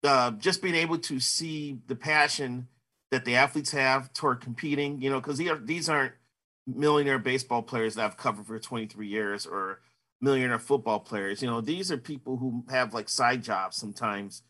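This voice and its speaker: A man's voice: medium pitch, normal speed, sharp tone. A man in his fifties, a sportswriter, answering interview questions in a casual, rambling way full of "you know" fillers.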